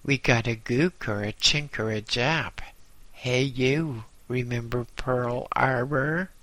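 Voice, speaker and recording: A man voicing a huge, loud-mouthed bully sailor who bawls and roars his taunts in a storybook. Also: mid-range voice, slow pace, no room sound. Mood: mocking. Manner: bawling, roaring taunts.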